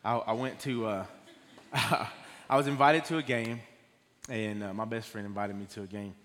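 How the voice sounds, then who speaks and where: A man giving his first personal testimony sermon in a church, talking in a halting, nervous way with many fillers and restarts. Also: fairly low pitch, fairly even intonation, fairly bright tone. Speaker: guest speaker giving a testimony. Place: church sanctuary. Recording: long hall reverb.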